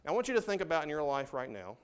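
Smooth-voiced man preaching a sermon. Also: a little high, very animated, fast talker. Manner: conversational, swings from loud reading to hushed asides. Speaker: pastor.

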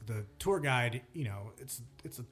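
A man co-hosting a podcast rambles through a story in casual chat, full of fillers and restarts. His mid-range voice is fairly bright with lively intonation at a normal speed, and soft music plays in the background.

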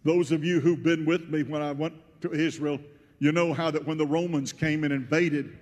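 A pastor preaching a sermon, retelling a scripture story in first person and swelling to loud, emotional peaks. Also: male voice, fairly high pitch. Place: church sanctuary. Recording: church hall with long reverb.

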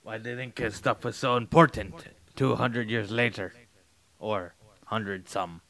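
A man's voice: on the low side, steady tone, measured pace, a bit bright. A man co-hosting a podcast in casual chat, mostly giving short reactions and asking curious questions. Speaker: podcast co-host.

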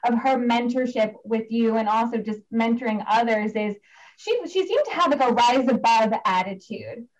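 A woman's voice: fairly high pitch, moderate pace, low-quality recording. A woman hosting a podcast interview, asking questions and prompting her guest with short affirmations. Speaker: podcast host.

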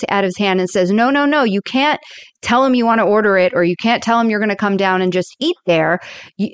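Woman podcast co-host, smooth clear voice, dry booth sound, lively plot recaps. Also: fairly high pitch, dry recording. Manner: animated retelling, acts out quoted lines. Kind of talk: casual chat retelling episode plots.

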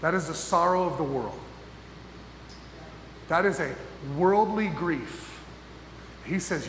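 A man preaching a sermon as pastor, emphatic and full of pauses, often asking his listeners questions. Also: fairly high pitch, fairly bright tone. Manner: emphatic, pausing, asks the audience questions. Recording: echoey hall with faint noise.

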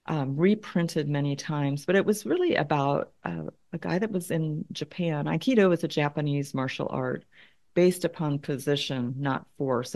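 A middle-aged woman with a notably low-pitched voice, speaking as an interview guest. She tells her story thoughtfully, repeating words as she finds her way through each point. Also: darkish tone. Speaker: conflict consultant and guest.

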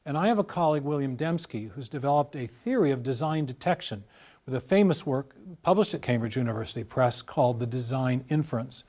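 A middle-aged man talking at length in an interview, in a measured, explanatory way, walking through illustrative stories. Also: medium pitch, mellow. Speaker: guest scholar.

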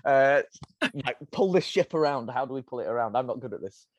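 A man's voice: medium pitch, expressive, a little fast. A man hosting a podcast, chatting casually, laughing often and tripping over his restarts. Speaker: podcast host.

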